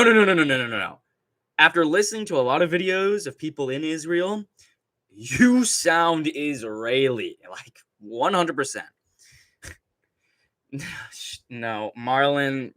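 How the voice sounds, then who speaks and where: A young man hosts a casual livestream, reading chat while he rants and rambles with nonstop swearing and laughter. His voice is medium-pitched and very animated, with a fairly bright tone and a moderate pace. The recording has no room sound.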